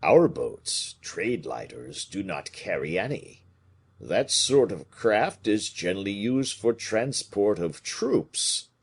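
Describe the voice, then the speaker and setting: A man's voice: on the low side, sing-song, slow, slightly rough, exaggerated voice. A man reading an audiobook voices an old man who explains things in a matter-of-fact way. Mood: explaining. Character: plain-spoken old man.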